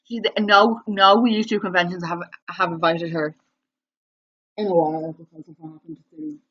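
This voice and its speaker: Excitable woman, lo-fi stream. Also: on the low side, normal speed. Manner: breathless, repetitive, excitable retelling. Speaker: livestreamer. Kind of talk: rambling live-stream storytelling. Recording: dull lo-fi livestream audio.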